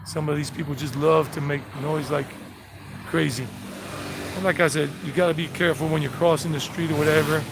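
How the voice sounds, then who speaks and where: A man with a Southern US accent, from South Carolina and Georgia, USA, narrates a live-streamed walking tour outdoors on residential streets with passing traffic, chatting in a rambling way and greeting viewers. His voice is a little high, steady in tone, fairly quick and creaky, with background noise.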